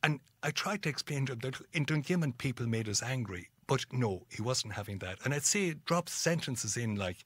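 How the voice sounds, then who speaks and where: In a husky, mid-range voice at a moderate pace with hardly any pauses, a middle-aged Irish interview guest recounts stories. He animatedly acts out each quoted person's voice, and the recording has no echo.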